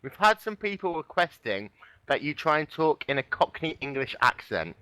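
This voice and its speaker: A man's voice: a little high, big pitch swings, moderate pace, pushed and bright, no echo, low-quality recording. A man doing lead commentary on a live sim racing broadcast, chatty and joking.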